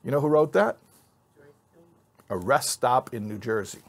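A man's voice: medium pitch, expressive, unhurried. A man teaching an informal Bible class to a live group, joking and quizzing his listeners. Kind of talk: informal Torah class with audience.

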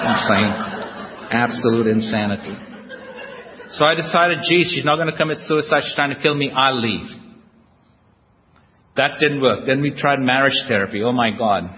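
Wry self-mocking man in an echoey hall. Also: medium pitch. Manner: self-deprecating, wry storytelling. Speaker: guest speaker at a recovery convention. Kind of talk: humorous personal recovery talk. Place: large hall before a live audience. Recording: dull lo-fi hall recording with noise.

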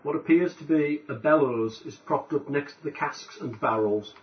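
A man running a tabletop game as game master, reading room descriptions in a measured way. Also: fairly high pitch. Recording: dull lo-fi recording.

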